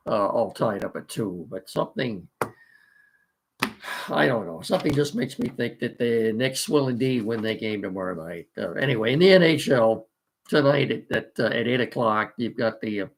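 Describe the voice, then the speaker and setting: Congested, gravelly-voiced male sports host. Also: mid-range voice, a little hiss or hum. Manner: folksy, rambling, frequent uh fillers. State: congested and coughing from allergies. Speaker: sports talk show host. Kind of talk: casual solo sports talk.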